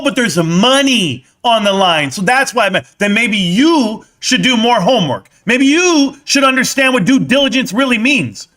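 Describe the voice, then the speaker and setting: Male streamer, high bright voice, brash mocking rant to live chat. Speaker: stock market live streamer.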